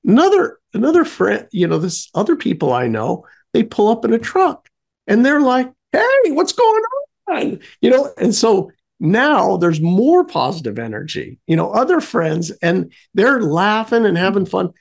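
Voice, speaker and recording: Gravelly guy rambling thru a story, tons of you knows, voice jumps all over. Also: high voice, moderate pace. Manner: rambling, many fillers and restarts; animated when telling the fun parts. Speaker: radio show guest. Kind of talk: casual storytelling.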